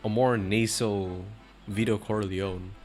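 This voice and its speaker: A man's voice: on the low side, steady tone, slow pace, music in the background. A man chatting casually with friends over a game, making dry, teasing asides. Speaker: let's-play player.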